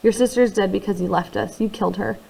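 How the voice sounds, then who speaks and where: A hot-tempered teenage boy who talks back bluntly and defiantly, as a woman reads him in an audiobook. He speaks with a medium-pitched voice. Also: fairly even intonation, fast talker, gravelly, dark tone, slight background noise, rough recording. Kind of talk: audiobook character reading.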